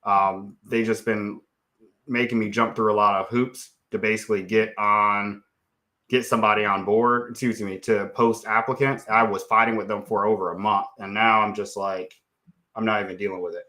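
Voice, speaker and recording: Man, live-stream host, blunt and unfiltered, casual teaching, fairly low pitch, bright forceful tone. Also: fairly even intonation, normal speed. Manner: blunt and unfiltered, talks while clicking around; often tags lines with okay, guys, right. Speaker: real estate investor hosting a live stream.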